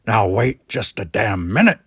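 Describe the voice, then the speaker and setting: A man's voice: fairly low pitch, big pitch swings, measured pace, husky, no echo, studio quality, full character voice. A man playing a hot-tempered male ship's doctor, protesting with raised emotion. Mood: indignant. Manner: indignant, emotional.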